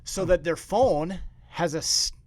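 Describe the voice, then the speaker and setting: A man co-hosting a podcast, chatting casually and quickly explaining how he runs his shop. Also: on the high side, dry recording. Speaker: podcast co-host, card shop owner. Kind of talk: casual chat.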